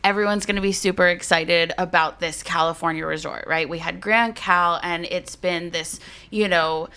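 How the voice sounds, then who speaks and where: A woman co-hosting a podcast in casual chat, animated and acting out her own thoughts. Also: on the low side, smooth. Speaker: podcast co-host.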